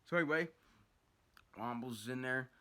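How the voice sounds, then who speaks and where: A man's voice: medium pitch, normal speed, sharp tone, clear, resonant tone. Young man rambling through a storytime. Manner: rambling, heavy swearing, restarts. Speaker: storyteller vlogger. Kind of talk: casual storytime monologue.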